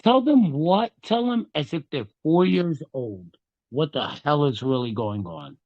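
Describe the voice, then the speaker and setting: Excitable preacher-like man, lo-fi sound. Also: fairly high pitch. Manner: excitable, rapid shifts in tone, preacher-like. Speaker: host and legal trust teacher. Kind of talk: excited preaching-style talk.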